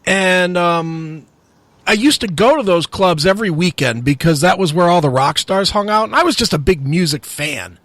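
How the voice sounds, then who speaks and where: A man's voice: high-pitched, moderate pace, no echo. A middle-aged man, a metal radio host, telling stories with lots of swearing in a casual podcast chat. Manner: profane, animated storytelling.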